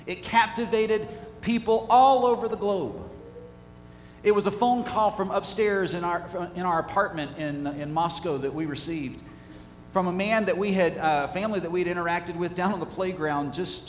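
Male pastor, high-pitched, preaching in a big reverberant sanctuary; rhetorical, builds from hushed to loud. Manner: rhetorical questions to the congregation, swinging from quiet to loud. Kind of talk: sermon. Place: church sanctuary. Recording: echoey church hall, faint hum.

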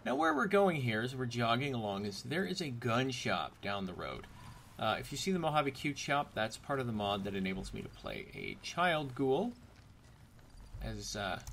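Chatty gravelly-voiced man narrating gameplay. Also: mid-range voice, fairly bright tone, slight background noise. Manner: chatty, joking asides. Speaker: gameplay commentator. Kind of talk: casual let's-play commentary.

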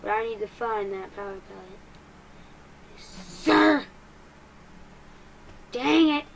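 A woman narrates her own gameplay in a high, bright-toned voice. She is excitable and self-mocking, flaring into frustration easily. A faint noise sits under the recording. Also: takes it slowly, creaky, poor audio. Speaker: gaming YouTuber. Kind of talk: let's-play commentary.

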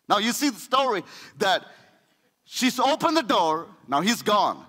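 A man preaching a sermon as pastor, telling the story in an animated way with frequent restarts. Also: sits high, measured pace, husky. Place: church sanctuary. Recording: echoey church hall.

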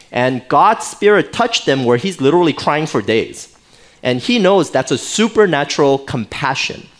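A man preaching from the pulpit as pastor, his voice sitting at an ordinary middle pitch. He talks to the congregation in a loose, conversational way, tossing in jokes and frequent "right?" asides. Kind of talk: sermon. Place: church sanctuary.

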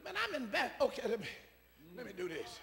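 A man a call-and-response sermon, repeating his phrases and swinging from soft asides to shouts. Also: extremely high pitch, big pitch swings, fast talker, gravelly, noisy background. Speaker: preacher. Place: church sanctuary. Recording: preaching in a reverberant church hall.

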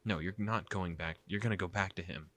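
A man voicing a jealous, possessive young man in a visual novel, flat and sarcastic. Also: low voice, a little fast.

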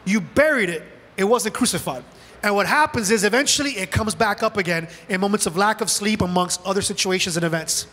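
A man preaches with a strikingly high, bright and forceful voice, slipping into acted prayers as he goes. The sound carries a long reverb from a large church sanctuary. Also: fairly quick, soft background music. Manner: animated preaching, acts out dialogue with God. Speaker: pastor. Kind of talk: sermon.

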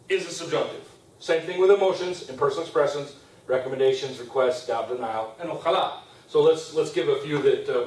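A male teacher gives a classroom lecture, walking through each point patiently and pausing to ask "okay?". His voice sits a little high for a man. He is picked up from a distance, with the echo of a classroom around him. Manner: explains step by step, checks in with "okay?". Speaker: Spanish teacher. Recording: roomy classroom sound from a distance.

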